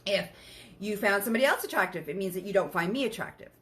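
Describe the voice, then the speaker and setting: A woman talks through a podcast monologue in a bright, forward voice. She is frank and emphatic, drops swear words without hesitation, and keeps asking her listeners whether they are following along. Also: medium pitch, lively intonation, quick pace. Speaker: podcast host.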